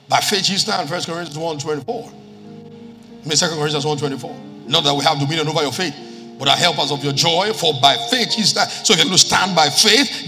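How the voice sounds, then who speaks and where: A man's voice: fairly high pitch, sharp tone. A man preaching a sermon as pastor, quoting scripture and repeating key lines for emphasis. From Nigeria. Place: church hall with live congregation. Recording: reverberant church hall with music.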